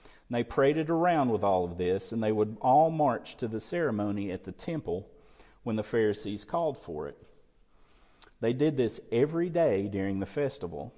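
A man preaching in a church, his fairly low, mellow voice ringing with the long reverb of a big sanctuary. He works through scripture and keeps asking the congregation questions. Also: big pitch swings, normal speed. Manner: expository preaching with rhetorical questions. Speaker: pastor. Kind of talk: sermon.

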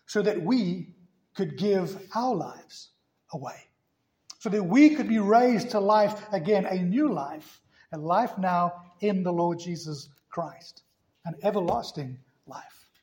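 A male pastor preaching a sermon emphatically, swinging between loud passages and hushed ones. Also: high voice.

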